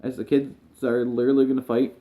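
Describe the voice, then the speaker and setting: A man, a gaming streamer, speaking to camera while grieving and near tears. He talks in a halting, emotional way and often trails off quietly. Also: mid-range voice, little pitch movement, very noisy. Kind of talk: personal talk to camera.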